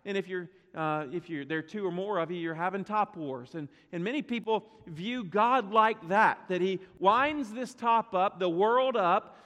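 A man with a notably high voice preaches to his congregation, loose and conversational, dropping teasing asides between points. His words ring out with a long reverb from the church sanctuary. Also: fairly bright tone. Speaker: pastor. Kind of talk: sermon.

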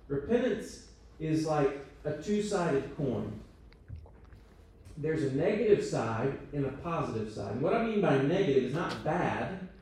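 A church teacher with a somewhat high, warm voice leads a training talk, chatting with his audience, checking in, and making jokes about himself. The recording comes from a church meeting room with heavy echo, and he sounds far away.

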